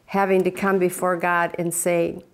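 A woman's voice: lowish voice, little pitch movement, normal speed. A woman talking candidly and reflectively about faith and her marriage in casual conversation. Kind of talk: casual testimony.

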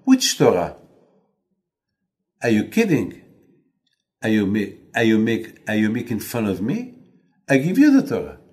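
A man's voice: fairly low pitch, huge pitch swings, a little slow, pauses often, a little mellow, voice pushed down. A man voicing Moses as a humble leader who protests sharply, then speaks with reverence. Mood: indignant.

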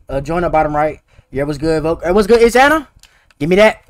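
A young man streaming a game, chatting fast and slangy with his viewers and teasing players. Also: a little high, expressive, dry recording, studio quality, faint music behind. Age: young adult. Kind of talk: casual gaming livestream chat.

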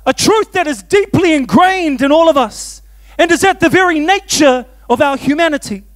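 A man, preaching a sermon in an animated, self-mocking way and often laughing. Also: extremely high pitch, normal speed. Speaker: pastor. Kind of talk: storytelling sermon.

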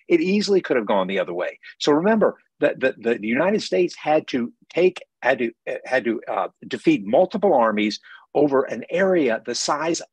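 A man's voice: medium pitch, breathy edge, dry recording. An author with a faded Southern accent, talking in an emphatic book festival interview over a video call and often restarting his words.

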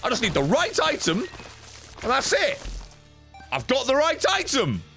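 Swearing freely and cracking jokes, a man streams a video game while its music plays in the background. He has a gravelly, very high voice and keeps an unhurried, measured pace, though his mood is excitable.

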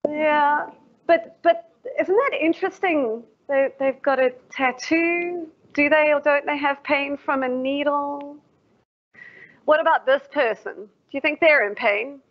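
Woman lecturer, reflective, poses questions to the room; slightly high voice, muffled livestream sound. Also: measured pace. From South Africa. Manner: reflective, asks the audience questions. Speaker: professor giving a lecture. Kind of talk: formal public lecture. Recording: dull lo-fi livestream audio.

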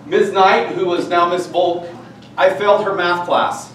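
A man's voice: high voice, steady tone, unhurried, fairly bright tone. A man presenting a training session to teachers, speaking earnestly and candidly and sharing personal stories. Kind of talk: professional development talk to teachers. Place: school meeting room. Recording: echoey room from far off, faint noise.

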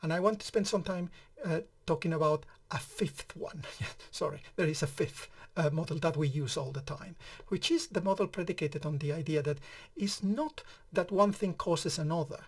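A middle-aged man lecturing on psychiatry in a conversational way, explaining ideas through everyday examples and often restarting his sentences. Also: a little high. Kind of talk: recorded lecture.

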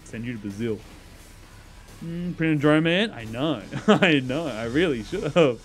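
A man's voice: mid-range voice, animated, unhurried, soft background music. A man streaming a video game live, bantering and joking with his chat in a sarcastic, playful way and laughing often.

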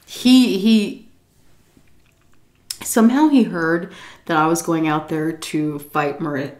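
A woman in a casual storytime video at home, animated and profane. Her own voice sits a little low, but she jumps into a high, squeaky register whenever she acts out what people said. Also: slow, reverberant. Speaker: YouTube storyteller. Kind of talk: casual storytime while eating. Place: home, indoors.

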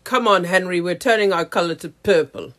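A woman's voice: fairly low pitch, pitched below the performer's own voice, natural voice. Woman putting on a snooty posh avatar lady. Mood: haughty. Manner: posh, disdainful, drawn-out put-on airs. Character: snobbish haughty fancy female avatar.

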